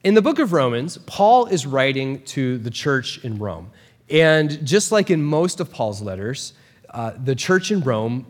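A man preaching a sermon as a pastor, talking in a casual, animated way with quick asides. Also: mid-range voice, in a large hall.

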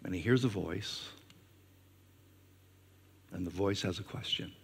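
A man's voice: low-pitched, measured pace, vocal fry, husky. Man preaching in a reverberant hall. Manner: conversational preaching with frequent fillers; animated, acts out questions in a raised voice. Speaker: pastor. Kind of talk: sermon.

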